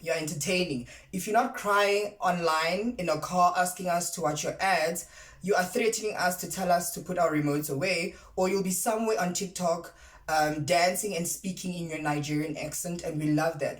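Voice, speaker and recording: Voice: medium pitch, normal speed. A vlogger giving chatty, sassy commentary full of rhetorical questions, speaking straight to viewers. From South Africa. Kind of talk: casual commentary vlog. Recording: roomy echo.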